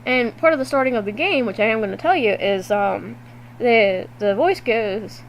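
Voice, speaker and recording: A woman vlogging to her webcam at home, recapping a video game in a loose, animated way and swearing freely. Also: medium pitch, brisk, slight background noise, rough recording. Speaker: gaming vlogger. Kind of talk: casual game recap to camera.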